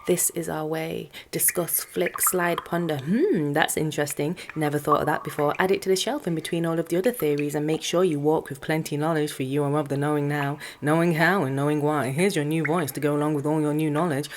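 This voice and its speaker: A woman performing spoken-word poetry over music, with a measured, sardonic, questioning delivery. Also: low-pitched, steady tone, a little hiss or hum. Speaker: rapper and spoken-word artist.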